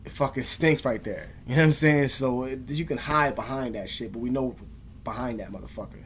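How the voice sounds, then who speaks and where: A young man vlogs straight to camera in a rapid, agitated ramble. He swears constantly and piles up fillers as he talks, with his pitch sitting in a middle range. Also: a little hiss or hum. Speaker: vlogger. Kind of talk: casual storytelling to camera.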